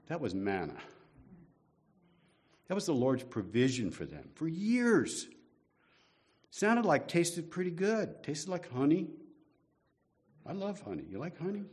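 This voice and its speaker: A man's voice: on the high side, huge pitch swings, unhurried, long pauses, a little mellow. A man preaching a sermon to his congregation in a conversational way, with rhetorical questions and self-deprecating humor. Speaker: guest preacher.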